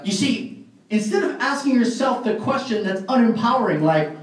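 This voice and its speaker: A man with a high voice gives an animated motivational speech, laughing often and filling pauses with "um" and "uh". He sounds far off from the mic in a very echoey hall. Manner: animated storyteller, laughs often, many fillers. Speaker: motivational speaker at a sales party.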